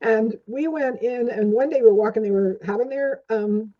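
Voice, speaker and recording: Speaking at normal speed in a slightly high voice, an older woman rambles through anecdotes loaded with fillers. She's the guest in a casual storytelling interview, recorded with dull lo-fi sound.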